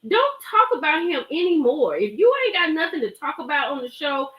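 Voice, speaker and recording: Animated gossiping woman, roomy echo. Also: high voice, fairly quick, muffled recording. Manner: animated, emphatic, chatty, greets viewers. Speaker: live stream host reviewing a reality show. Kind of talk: gossipy live stream commentary.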